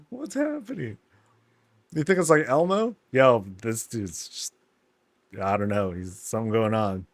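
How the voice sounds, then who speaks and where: A man giving laid-back, amused commentary while touring houses in a video game, often laughing and putting on quick silly voices. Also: on the low side, dry recording. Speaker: streamer touring player housing in a game.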